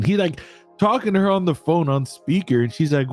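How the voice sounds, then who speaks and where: A man's voice: fairly high pitch, lively intonation, fairly quick, faint music behind. A young man co-hosting a live trading stream, reacting with laughs in casual banter. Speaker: co-host.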